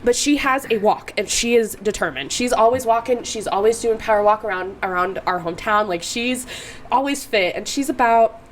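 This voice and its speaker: Young woman, podcast guest, slightly high voice, animated, casual storytelling, swears freely, faint background hiss. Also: moderate pace.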